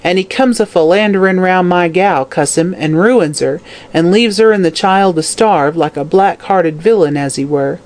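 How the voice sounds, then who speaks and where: Narrator doing a croaking old slum hag. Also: mid-range voice, moderate pace, hardly any pauses, lightly acted. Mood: furious. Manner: snarling, cursing, whining. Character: dying old drunken slum woman, vicious. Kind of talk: audiobook character voice.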